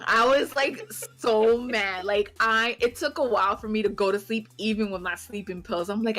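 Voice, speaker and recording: A young woman on a podcast, telling a story in casual chat, laughing often and swearing freely. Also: medium pitch. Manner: animated, laughing, swears freely, acts out quotes. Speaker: podcast co-host.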